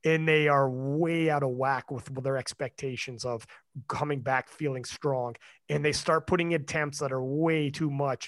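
Casual host, male, higher-pitched, animated, salty language. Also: normal speed. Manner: animated and swearing, swings up and down. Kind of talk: casual chat.

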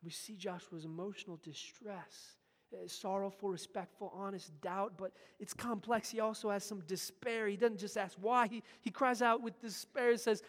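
A pastor delivering a sermon with emphatic delivery, swinging between loud urgent passages and hushed asides. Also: mid-range voice, steady tone, moderate pace. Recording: long hall reverb.

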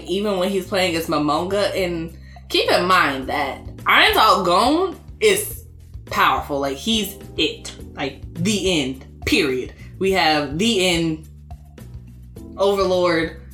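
A woman co-hosting a casual anime chat, animated and acting out scenes as she talks. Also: on the low side. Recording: roomy echo, faint music.

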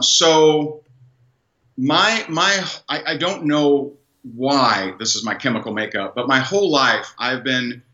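A man telling a personal story as an interview guest, animated and rambling, with many fillers and restarts. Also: medium pitch. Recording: dull, echoey room sound.

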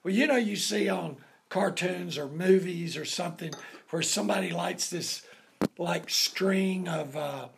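Gravelly, husky man telling a rambling story. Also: high voice. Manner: unhurried, rambling with many fillers and laughs. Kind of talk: casual family storytelling.

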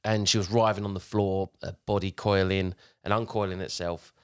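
Deep-voiced man telling a story. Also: flat delivery, normal speed, smooth. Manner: rambling, with frequent restarts while retelling a tale. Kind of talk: casual storytelling.

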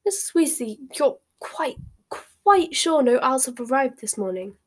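A woman voicing an anxious, bookish teenage girl whose voice goes squeaky and shrill. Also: big pitch swings, a little slow, heavily acted. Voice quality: squeaky, shrill when panicked.

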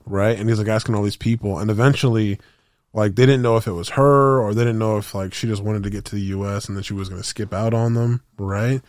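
A man's voice: lowish voice, fairly even intonation, fast, darkish tone, no echo. A man co-hosting a podcast, chatting casually in a rambling, slangy way with lots of fillers and restarts. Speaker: podcast co-host. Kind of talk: casual chat.

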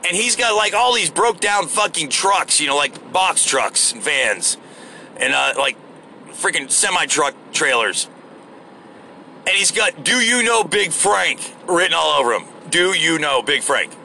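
A man's voice: fairly high pitch, lively intonation, normal speed, vocal fry, pushed and bright, slight background noise. A man ranting casually while driving, rambling and profane, rude and crude by his own account. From United States. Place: in a car on the road.

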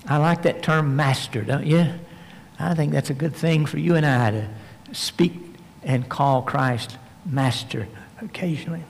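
A man's voice: on the high side, unhurried, gravelly. Man preaching in a reverberant hall. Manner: reads scripture aloud and explains it, emphatic. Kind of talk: verse-by-verse sermon. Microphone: microphone.

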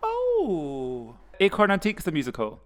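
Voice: mid-range voice, moderate pace. A podcast co-host in casual chat, enthusiastic and fond of quoting comedy lines.

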